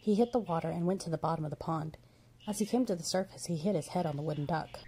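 A woman reading a children's storybook aloud in a steady, expressive way. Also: low-pitched, fast talker, a little hiss or hum.

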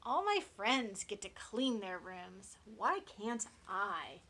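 A woman voicing a neat little boy piglet in a storybook, high and whiny. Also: sing-song, slow, bright, forceful tone, slight background noise, full character voice.

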